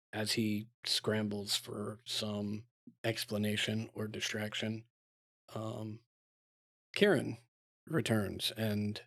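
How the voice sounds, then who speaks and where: A man playing a tabletop game, recounting his character's adventures in a halting way with many fillers. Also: on the low side. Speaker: player.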